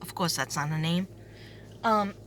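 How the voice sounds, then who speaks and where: A woman with a New York accent, a substitute teacher telling a story in a sarcastic, animated way and acting out the people in it. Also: lowish voice, unhurried, slight background noise. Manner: animated, sarcastic, acts out quoted voices. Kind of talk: storytelling vlog.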